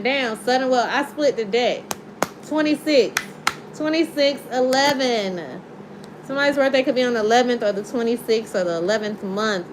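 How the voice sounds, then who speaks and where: A high-voiced woman talks through a casual tarot reading. She is animated and playful, breaking into laughs and half-singing lines. A faint hiss of noise sits under her voice. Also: poor audio. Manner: animated, laughing, sings along. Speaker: tarot reader.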